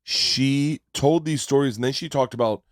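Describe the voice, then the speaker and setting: A man in his forties hosting a podcast, chatting casually and loudly, swearing and laughing often. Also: mid-range voice, moderate pace, no echo, studio quality. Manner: loud, profane, laughs often. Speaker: podcast host. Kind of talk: casual chat. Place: podcast studio.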